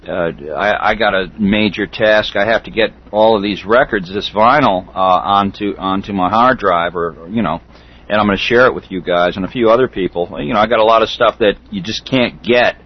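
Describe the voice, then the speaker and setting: A middle-aged man hosting a casual internet radio chat, talking haltingly with lots of fillers and restarts. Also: lowish voice. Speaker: host. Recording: dull lo-fi call audio.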